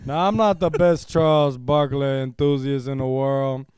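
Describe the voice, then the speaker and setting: A man's voice: medium pitch, fairly even intonation, normal speed, a little mellow, clear, resonant tone, no echo, clean studio sound, pitched below the performer's own voice, lightly acted. A man putting on a famous basketball commentator's voice to read erotica aloud in a hammy way. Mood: mock-serious. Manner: hammy mock-serious reading.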